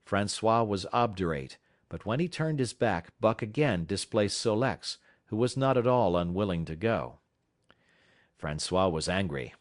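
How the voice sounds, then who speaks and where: A man reading a novel aloud as an audiobook narrator, measured and dramatic, dropping low at tense moments. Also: expressive, dry recording, studio quality.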